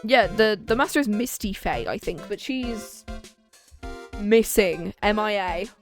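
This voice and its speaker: A woman's voice: medium pitch, lively intonation, unhurried, soft background music. A young British woman in her twenties, streaming a game, chatting casually and reading its dialogue aloud in voices. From Britain. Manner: chatty, joking, reads game lines in voices.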